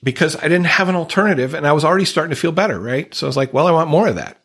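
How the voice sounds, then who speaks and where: A man's voice: fairly high pitch, lively intonation, very fast, fairly bright tone, husky. Earnest man telling his recovery story. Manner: earnest, reflective, openly emotional. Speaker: guest sharing recovery story. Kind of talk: candid conversational storytelling.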